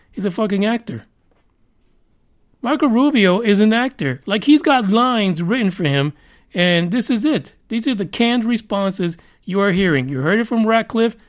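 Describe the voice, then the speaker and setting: High-voiced man ranting on a podcast. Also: expressive, normal speed. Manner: profane, rambling and sarcastic. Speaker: podcast host. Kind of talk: casual news commentary rant.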